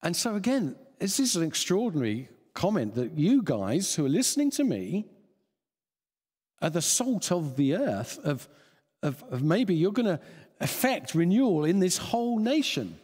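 A man's voice: high-pitched, sing-song, normal speed, a little mellow, breathy edge. A man preaching a sermon, chuckling often and restarting phrases as he thinks aloud. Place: church hall. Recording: long church reverb.

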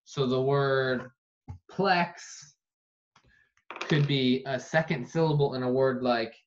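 A man teaching an online phonics lesson, saying each word slowly and repeating it for dictation. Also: medium pitch, steady tone. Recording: dull lo-fi recording.

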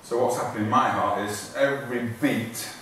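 Speaking a little fast at medium pitch with a fairly bright tone, a male fitness trainer gives a casual live talk to an audience amid slight background noise. He repeats himself, starts sentences over and gets winded while exercising. He's recorded from far away in a large hall full of echo.

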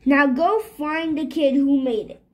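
A woman's voice: high-pitched, a little slow, darkish tone. A woman voicing a vain, grumpy male evil cat scientist in a storybook read-aloud, bossy and boastful.

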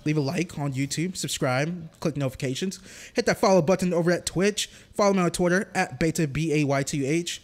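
A man's voice: fairly high pitch, a little fast. A young man casually commenting on his gameplay as a streamer, joking and talking to the game. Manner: chatty, jokey, talks to the game.

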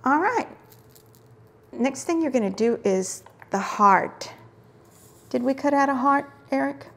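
Woman, middle-aged, craft host, slightly high voice, gravelly edge, unhurried chatty tutorial. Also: lively intonation. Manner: chatty, warm asides while working, drifts into murmurs.

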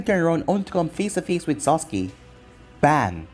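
Brief: storyteller with a husky voice and animated pitch, reading fan fiction. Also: moderate pace, soft background music. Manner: plain storytelling with lively pitch. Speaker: narrator.

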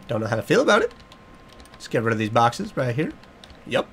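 A man's voice: fairly high pitch, wildly swooping pitch, brisk, vocal fry, pauses often, fairly bright tone, husky. A young man, giving a jokey, nervous running commentary as he plays a horror game. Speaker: gaming YouTuber.

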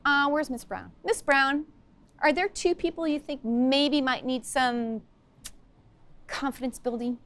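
Speaking a little slowly, a social-emotional learning teacher runs a lesson in her school classroom. She has a bright, high-pitched voice and an upbeat, encouraging manner, quizzing the class and asking them lots of questions.

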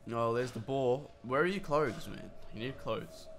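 A man's voice: medium pitch, a little slow. A man, streaming a horror game live and reacting chattily with lots of swearing. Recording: game music loud behind voice.

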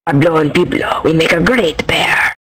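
A man's voice: fairly high pitch, normal speed, fairly bright tone, breathy edge. A man putting on a sleazy boastful Pablo. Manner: put-on accent, boastful and crude. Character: sleazy crude grown man named Pablo.

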